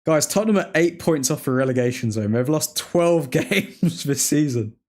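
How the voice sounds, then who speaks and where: A man's voice: fairly high pitch, animated, moderate pace, a little mellow. A man hosting a live football watchalong, chatting casually and rambling with frequent laughs and mock French phrases. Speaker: watchalong stream host. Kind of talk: casual live-stream chat.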